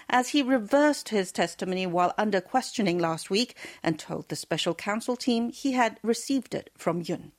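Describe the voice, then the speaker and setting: A woman working as a radio news editor, giving a measured studio news briefing with occasional small slips. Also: lowish voice. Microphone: studio microphone.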